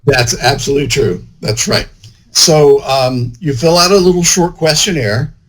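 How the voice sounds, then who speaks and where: A man's voice: mid-range voice, normal speed, rough recording. A man, an author, chatting casually in an interview, rambling and full of "you know" fillers. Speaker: author and guest.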